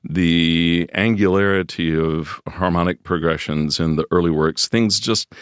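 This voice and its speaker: A man answering as a music scholar in a measured, academic way. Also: low-pitched, no echo, clean studio sound. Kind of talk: explanatory commentary.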